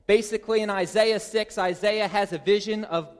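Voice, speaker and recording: A man preaching a sermon, reading verses and pressing his points with emphatic rises in pitch and volume. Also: fairly even intonation, normal speed, smooth. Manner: emphatic, rising high and loud to stress points. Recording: long hall reverb.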